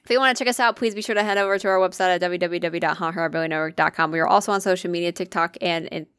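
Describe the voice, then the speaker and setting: A woman's voice: on the low side, fairly even intonation, racing, fairly bright tone, clean tone, dry recording, studio quality. Blunt woman podcast co-host. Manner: blunt, swears casually. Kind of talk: casual chat.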